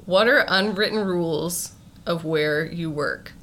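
A woman's voice: lowish voice, a little slow, a bit bright, a little hiss or hum. A woman podcast host asking playful questions in a casual interview, laughing often.

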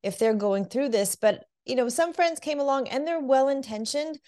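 In an interview conversation, a divorce coach tells her story candidly, acting out quotes with lively energy. She speaks at a moderate pace in a high-pitched voice.

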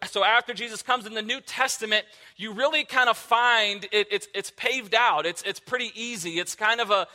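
A man's voice: sits high, sharp tone. A man who is a lead pastor, giving a sermon in a casual, conversational way with frequent fillers.

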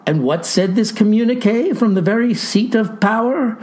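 A man's voice: high-pitched, normal speed, darkish tone. A man telling a comic monologue as a pompous older farmer, in a grandiloquent, mock-formal way. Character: pompous old farmer narrating in florid speech. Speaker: storyteller.

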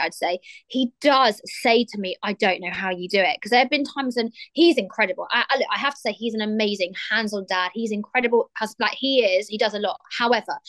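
Woman, 30s, podcast co-host, higher voice, laughs easily, dry recording. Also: dry recording. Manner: laughing, warm storytelling. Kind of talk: casual podcast chat.

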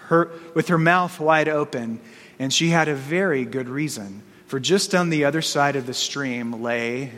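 A male pastor reads a story slowly and earnestly in a fairly high voice, then draws the sermon's lesson from it. His delivery is unhurried, with small restarts. A long reverb from the hall follows his words. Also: fairly bright tone.

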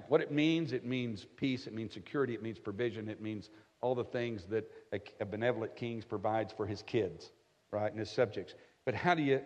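A middle-aged man preaching a conversational sermon with folksy jokes, often checking in with his listeners by asking "right?". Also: medium pitch. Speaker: pastor. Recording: echoey hall, slightly dull sound.

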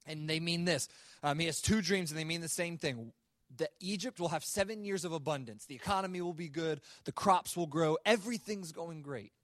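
A man's voice: fairly high pitch, fairly quick, dry recording, clean studio sound. Conversational young man preaching with humor. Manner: conversational, self-mocking humor, many fillers. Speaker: speaker at a student worship service. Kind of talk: sermon with personal storytelling. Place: live worship service.

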